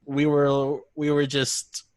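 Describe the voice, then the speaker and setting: A man hosting a relaxed podcast chat, talking at an unhurried, drawn-out pace. He jokes about himself easily and keeps the conversation loose. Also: fairly high pitch, clear, resonant tone. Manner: joking, self-deprecating, quick laughs. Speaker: podcast host and dungeon master.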